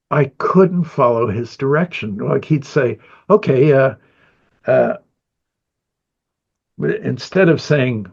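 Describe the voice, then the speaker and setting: A man's voice: mid-range voice, gravelly, darkish tone, slightly rough, lo-fi sound. An older man in a rambling interview about his animation career, a chuckling storyteller who acts out what people said.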